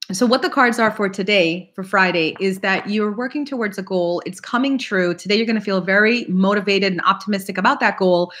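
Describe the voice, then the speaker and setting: A woman's voice: medium pitch, a bit bright. A woman hosting a live tarot reading, chatting casually and laughing often while she greets viewers by name.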